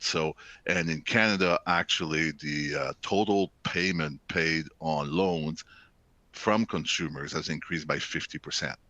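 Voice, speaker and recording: Deep-voiced economist with many fillers. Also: male voice, pushed and bright, no room sound. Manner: hesitant, many "uh" fillers, explanatory. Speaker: chief economist, guest speaker. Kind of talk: presentation.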